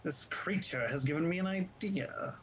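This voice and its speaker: A man's voice: fairly high pitch, moderate pace, fairly bright tone, a little hiss or hum, poor audio. A man playing a tabletop game, speaking in character in a haughty, theatrical way. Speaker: player. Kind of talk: in-character tabletop role-play.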